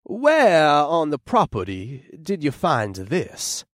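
A buttoned-up, well-groomed lawyer and accountant, put on by a male narrator, asking crisp and skeptical questions in a slightly raised voice. The recording is dry and close. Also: a little high, wildly swooping pitch, takes it slowly, fairly bright tone, dry recording, full character voice.

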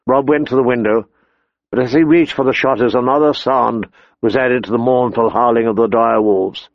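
A male audiobook narrator reading in a measured, expressive way at a mid pitch. The recording is dry and slightly dull, with no room sound. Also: no echo. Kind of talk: scripted narration.

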